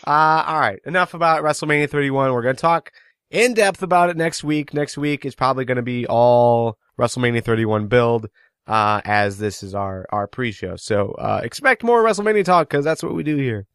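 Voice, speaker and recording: A man's voice: medium pitch, normal speed, fairly bright tone, clean tone, no echo, clean studio sound. A man hosting a casual podcast chat, steering the talk and asking pointed questions. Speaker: podcast host.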